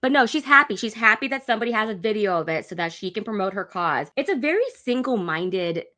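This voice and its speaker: A woman's voice: medium pitch, lively intonation, fast, sharp tone. A woman hosting a reaction video, giving blunt, sarcastic commentary on clips.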